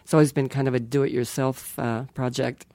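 A woman's voice: very deep voice, steady tone, normal speed, mellow, no echo. An older woman chatting as a guest in an interview, playful and self-mocking, laughing often. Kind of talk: casual interview chat.

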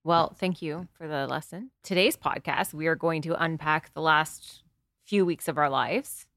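A woman's voice: deep voice, fairly bright tone, dry recording. A woman hosting a podcast, chatting casually and playfully with her husband and laughing easily. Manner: playful, bubbly and quick to laugh. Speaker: podcast host.

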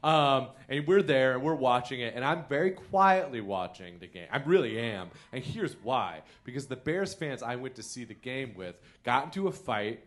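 A man's voice: mid-range voice, expressive, normal speed, hardly any pauses. A man from the Chicago area telling comic stories as a podcast guest, laughing often and running self-deprecating. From Chicago area, Illinois. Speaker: comedian guest. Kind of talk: live podcast storytelling. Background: loud noises from a neighboring bowling alley.

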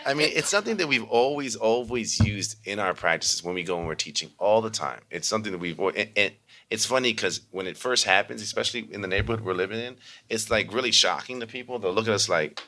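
A man's voice: on the low side, quick pace. A man who teaches meditation, telling stories in a casual interview and acting out the voices of people he quotes. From Baltimore. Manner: animated, acts out voices in quotes.

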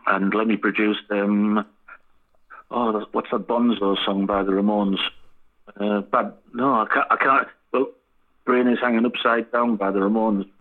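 A man with a husky voice, telling sweary, laughing anecdotes as a band frontman guest in a casual interview. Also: on the low side, fairly even intonation, a little slow. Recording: tinny phone line.

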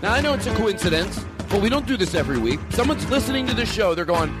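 Animated, profane comic podcast host, a man. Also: sits high, quick pace, loud music behind the voice. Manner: profane, animated, jumps between loud and quiet. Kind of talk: casual comic storytelling.

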